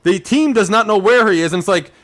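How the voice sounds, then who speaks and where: A young man hosting a sports podcast, ranting in excited fan chat full of rhetorical questions and "like". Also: high-pitched, fast. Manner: animated, ranting, rhetorical questions, says "like" a lot. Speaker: podcast host.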